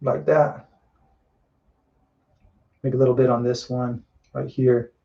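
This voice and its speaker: A man demonstrating a painting live, thinking aloud in a relaxed way with frequent restarts and asides as he works. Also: mid-range voice, slow, vocal fry, dull audio. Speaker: painting instructor. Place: indoors at a painting wall.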